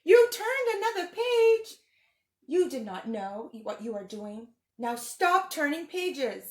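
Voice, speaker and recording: A woman's voice: on the high side, slow, echoey room. A woman reading a picture book aloud and voicing a furry, anxious monster who pleads and frets. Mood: fretful. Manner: frantic, pleading, excitable.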